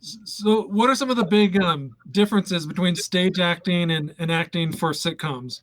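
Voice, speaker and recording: A man's voice: high voice, normal speed, no room sound, poor audio. A man hosting a podcast, asking eager and curious questions. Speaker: podcast host. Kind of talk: interview questions.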